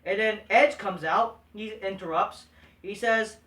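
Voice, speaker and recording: A man's voice: high-pitched, a little slow, pushed and bright, distant mic. A man hosting a casual recap show, talking in a blunt, profane, dismissive way. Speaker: host. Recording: echoey room, voice set back from mic.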